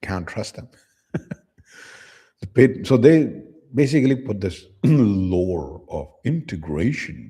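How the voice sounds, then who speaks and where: A man's voice: low-pitched, expressive, unhurried, dark tone, slightly rough. A man hosting a casual commentary channel, reading posts aloud and reacting to them with blunt, profane, scornful remarks.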